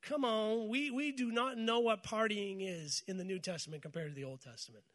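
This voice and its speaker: An American pastor with a high, light, slightly bright voice preaches a morning sermon a little fast. He repeatedly has the congregation echo his words in call-and-response, blending scripture with humorous stories.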